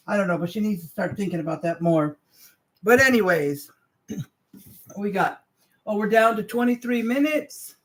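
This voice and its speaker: A woman in her forties chatting casually on a livestream, rambling in trailing asides and greeting viewers. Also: medium pitch. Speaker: livestream host.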